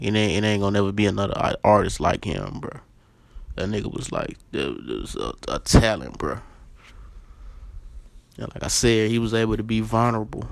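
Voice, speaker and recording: A man's voice: on the low side, gravelly, no echo. A man hosting a casual podcast, talking bluntly and profanely with emphatic repetition, lecturing his listeners directly. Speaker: podcast host.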